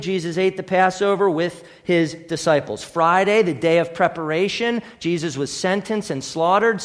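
A man's voice: a little high, fairly bright tone, big-room sound. A man preaching a sermon as pastor, earnest and building to emphatic declarations. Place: church sanctuary.

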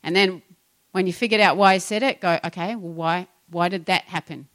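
A woman's voice: fairly low pitch, fairly quick. Conversational woman pastor preaching. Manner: conversational, animated, acts out her own complaints. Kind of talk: sermon.

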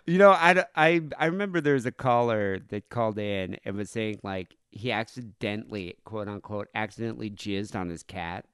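An American man co-hosting a crude comedy podcast, joking and animated, dropping "like" often. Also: lowish voice, moderate pace, hardly any pauses, smooth, no echo, studio quality. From United States. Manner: animated, jokey, says "like" often. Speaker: podcast co-host.

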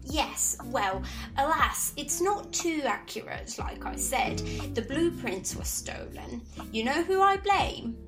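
A man's voice: very high-pitched, expressive, slow pace, hardly any pauses, over music, voice pushed up, full character voice, low-quality recording. A man voicing a kindly, gossipy old female centaur shopkeeper in a tabletop game. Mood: chatty. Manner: gossipy, salesy. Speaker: game master.

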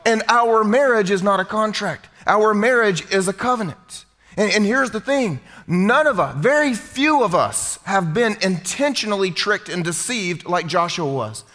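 A man preaches in a church sanctuary with a high, carrying voice. He is animated and keeps putting questions straight to his congregation. A long reverb hangs on every phrase. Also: a little slow. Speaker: pastor. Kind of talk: sermon.

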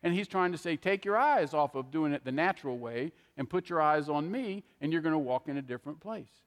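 Preacher, middle-aged man, high tenor voice, chatty sermon style, handheld mic, long church reverb. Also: expressive, brisk. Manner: conversational preaching with frequent "okay?" asides. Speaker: pastor. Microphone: handheld microphone.

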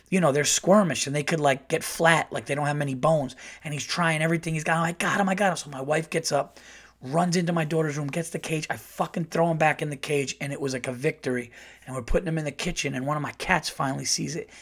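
A middle-aged man hosting a podcast, telling a story in a casual, animated, profane and rambling way. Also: on the high side. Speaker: podcast host.

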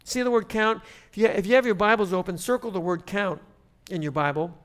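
A man preaching a sermon as pastor, conversational with restarts, rising to loud emphatic preaching. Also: high voice, fairly quick.

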